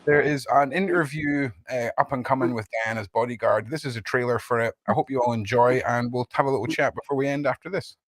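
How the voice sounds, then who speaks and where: Man, livestream host, casual, filler-heavy, middle pitch. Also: fast talker, hardly any pauses, no room sound.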